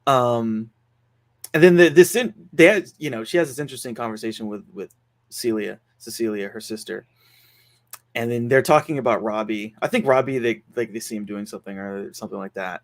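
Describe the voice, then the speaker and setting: A man with a mid-range voice, talking a little fast, hosts a casual podcast reviewing a film. He recaps the plot in a rambling way, full of fillers.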